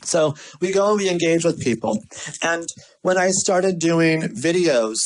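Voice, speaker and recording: A vlogger telling a story in a sassy, animated way and then giving casual marketing tips. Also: a little slow, rough recording. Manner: acts out quoted voices with big pitch swings. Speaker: vlogger and small business owner.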